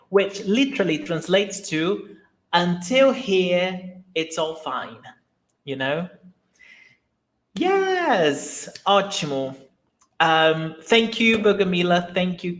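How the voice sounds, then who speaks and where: A man teaches a live online lesson at an unhurried pace. He explains patiently and answers viewers' questions as they come in. His voice carries a roomy echo. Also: high-pitched, big pitch swings, a bit bright, a little hiss or hum. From Brazil. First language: Portuguese. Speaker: Portuguese teacher.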